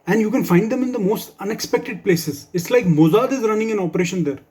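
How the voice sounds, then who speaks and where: Guy doing standup for his office, wry dry jokes, kinda high mellow voice. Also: fast. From India. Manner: wry, dry humor with asides. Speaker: stand-up comedian. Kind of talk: stand-up comedy set for office colleagues.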